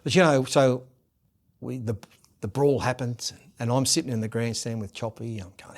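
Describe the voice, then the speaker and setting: Animated Australian man spinning yarns. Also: mid-range voice, normal speed. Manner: lively anecdotes, acts out quoted voices loudly. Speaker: guest, former rugby league captain and coach. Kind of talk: animated storytelling in a podcast interview.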